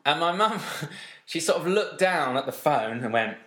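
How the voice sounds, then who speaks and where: A man's voice: a little high, sing-song, moderate pace, a bit bright, roomy sound. A man co-hosting a podcast, chatting casually and mimicking voices as he tells stories. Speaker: podcast co-host. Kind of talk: casual chat.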